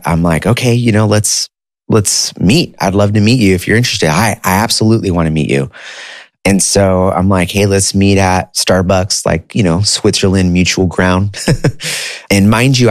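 A man's voice: low-pitched, normal speed, no room sound, studio quality. A man in his thirties casually telling a personal story in a candid way, often saying "you know" and "dude".

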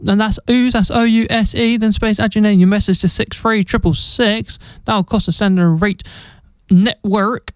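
Chatty, jokey radio DJ. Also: male voice, high-pitched, fairly even intonation, moderate pace, clear, resonant tone, no room sound. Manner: chatty, jokey, rambling with restarts. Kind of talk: casual radio presenting. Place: radio studio. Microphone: studio mic.

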